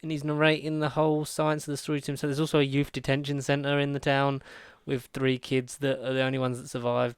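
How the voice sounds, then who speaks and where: A man on a podcast, casually retelling a film's plot in a rambling, animated way with quick asides. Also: medium pitch, smooth, dry recording. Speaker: podcast co-host reviewing films. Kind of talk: casual chat.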